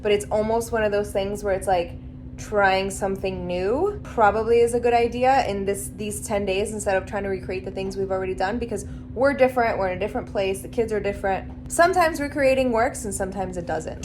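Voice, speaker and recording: A woman's voice: medium pitch, a little mellow, a little hiss or hum. A woman in her thirties talking casually in a road trip vlog, chatty and reflective with lots of "like". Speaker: vlogger. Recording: music playing underneath.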